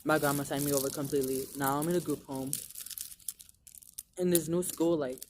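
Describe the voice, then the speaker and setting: A man's voice: fairly high pitch, steady tone, brisk, slight background noise. A young man telling a long personal story to his viewers in a rambling, profane way, full of "like" fillers. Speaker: vlogger. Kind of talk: casual storytelling to camera.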